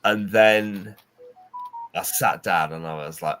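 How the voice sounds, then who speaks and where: Middle-aged man, low voice, animated storyteller who jumps into character voices. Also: slow, a little hiss or hum. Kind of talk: casual anecdote telling.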